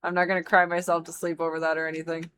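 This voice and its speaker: Dramatic swearing woman streamer, low voice. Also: monotone, rapid-fire, a bit bright, a little hiss or hum, poor audio. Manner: dramatic, swears a lot, mock-emotional complaining. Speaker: livestreamer. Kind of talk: casual gaming commentary.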